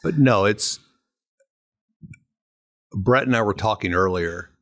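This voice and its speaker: A middle-aged man telling stories as a guest on a podcast, animated, with casual storytelling. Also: lowish voice, slow. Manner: animated storyteller who acts out voices.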